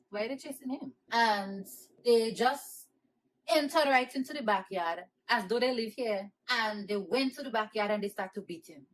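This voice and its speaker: A woman's voice: on the high side, a bit bright, slight background noise, rough recording. A woman telling a painful childhood memory in an earnest, emotional storytime monologue. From New York. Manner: earnest, emotional retelling with rising, pleading cries.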